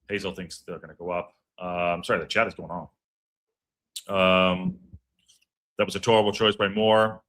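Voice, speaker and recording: Bright-voiced man hosting a chatty stream. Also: sits low, flat delivery, normal speed, long pauses. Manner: chatty, loose, reads out viewer messages. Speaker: podcast host reading viewer chat. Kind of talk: casual live watch-along chat.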